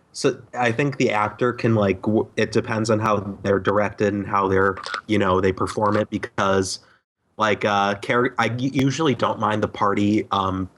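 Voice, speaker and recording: A man co-hosting a casual podcast, with sardonic, profane humor and halting speech full of ums. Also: on the low side, a bit bright. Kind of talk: casual group podcast chat.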